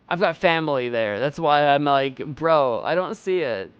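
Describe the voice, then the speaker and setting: Excitable man with a wildly lively voice. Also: normal speed, hardly any pauses, clean tone, dry recording, muffled recording. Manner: excitable, incredulous, jumps into loud high exclamations. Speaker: streamer. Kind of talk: let's play commentary.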